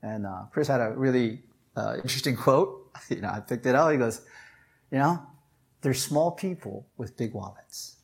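A pastor delivers a sermon with a husky, slightly breathy voice that sits at a middling pitch. The delivery is chatty rather than formal, peppered with "right?" and "you know?" to draw the listeners in. When a point matters, the voice climbs higher and pushes harder. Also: moderate pace. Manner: conversational preaching with frequent "right?" and "you know?"; rises in pitch and force when stressing a point.

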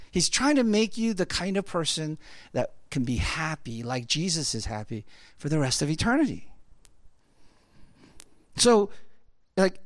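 A male pastor gives a loose, conversational sermon, casual and rambling, wandering through asides and fillers. His high, slightly bright voice swings widely in pitch, and the sound is dry and close with no room sound.

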